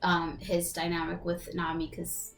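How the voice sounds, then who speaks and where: A woman co-hosting a podcast who chats in a relaxed, slangy way, with many fillers and easy laughter. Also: fairly low pitch, measured pace, creaky, soft background music. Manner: relaxed and chatty, with slangy asides and frequent fillers. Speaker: podcast co-host. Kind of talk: casual podcast chat.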